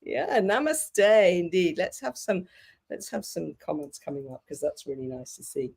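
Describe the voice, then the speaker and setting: A woman's voice: fairly low pitch, big pitch swings, moderate pace, vocal fry, a crowd in the background. A woman with an English accent hosting a casual live-stream podcast, gushing with praise for her guests. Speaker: podcast host.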